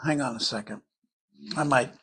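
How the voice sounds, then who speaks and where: An older man preaching a sermon in an earnest, conversational Bible-teaching manner, with a husky voice. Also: mid-range voice, moderate pace, bright, forceful tone.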